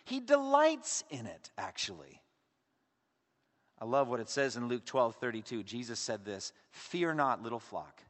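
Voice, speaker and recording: A man preaching a sermon as pastor, swinging between emphatic lines and hushed asides. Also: mid-range voice, big pitch swings, measured pace, in a large hall.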